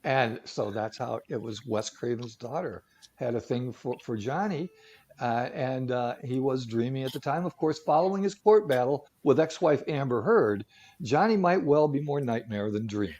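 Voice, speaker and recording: A man's voice: medium pitch, normal speed, a little mellow, highs cut off. A man co-hosting a talk show who tells stories casually, with jokey asides and lots of fillers. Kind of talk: casual storytelling segment.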